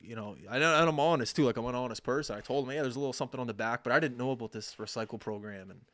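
A man's voice: mid-range voice, very fast, dry recording. A man in his thirties telling a long story on a podcast, acting out each side of the conversations. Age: 30s. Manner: animated, acts out quoted dialogue. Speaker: podcast co-host. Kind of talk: casual storytelling chat.

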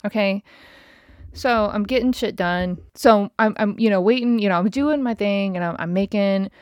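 A woman's voice: medium pitch, normal speed, darkish tone, no room sound, dull audio. A woman in her thirties hosting her own podcast, telling a story in a chatty, exasperated way and swearing freely. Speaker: podcast host. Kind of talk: casual storytelling monologue. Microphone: podcast mic.

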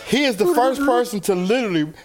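A man's voice: extremely high pitch, lively intonation, fast, darkish tone, faint music behind. A man co-hosting a comedy podcast, reading out joke facts in casual banter. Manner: reads out items, playful. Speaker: podcast co-host.

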